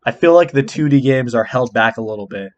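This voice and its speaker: A young man hosts a podcast chat, steering the talk in a laid-back way and passing the floor to the others. His voice sits at an ordinary middle pitch. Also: lively intonation, a little fast, highs cut off. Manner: laid-back moderator, hands the floor to guests. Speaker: podcast host. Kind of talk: casual chat.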